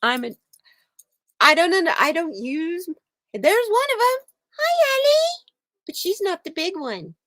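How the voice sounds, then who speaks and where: A woman's voice: extremely high pitch, sing-song, measured pace, sharp tone, no echo. A woman hosting a casual chat stream from her home, rambling and laughing often. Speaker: channel host. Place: home room with a heater.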